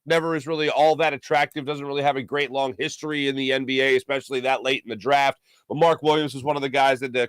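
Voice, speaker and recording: Emphatic, opinionated male sports talk host. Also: no echo. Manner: opinionated, emphatic, animated swings in pitch. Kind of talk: solo sports radio monologue.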